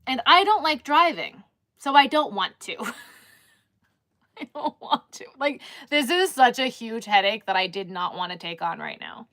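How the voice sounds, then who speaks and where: A woman's voice: fairly high pitch, lively intonation, moderate pace, a bit bright. A woman chatting casually on a live stream, rambling with lots of restarts and filler words.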